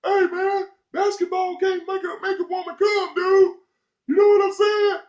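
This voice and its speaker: A man voicing a rowdy young male heckler who yells crude, jeering taunts in a loud, high-pitched shout. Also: little pitch movement, moderate pace, roomy sound, muffled recording.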